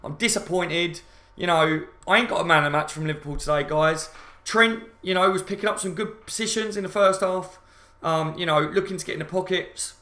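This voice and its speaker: A fired-up man rants through a live fan reaction stream, swearing and repeating himself as he talks to his viewers. His voice is bright and forceful, sitting a little high. The room around him is echoey. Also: fairly quick. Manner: angry, sweary, repetitive ranting; addresses viewers as guys, reads out chat comments. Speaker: football fan channel host.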